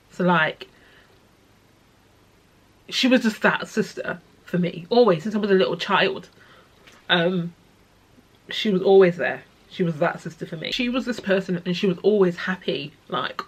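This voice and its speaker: A young woman telling a personal story in her vlog, tearful and halting, with many pauses and restarts. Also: fairly low pitch. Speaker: vlogger.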